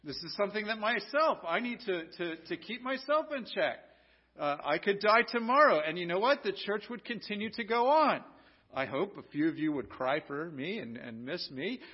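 A man's voice: sits high, expressive, normal speed, husky. An American man and pastor preaching a sermon earnestly, asking rhetorical questions and often restarting his sentences. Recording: dull lo-fi recording.

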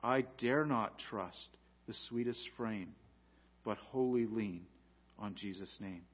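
A man preaching a sermon as pastor, rising to loud emphatic peaks and dropping to quiet, low lines. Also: slow, breathy edge, highs cut off.

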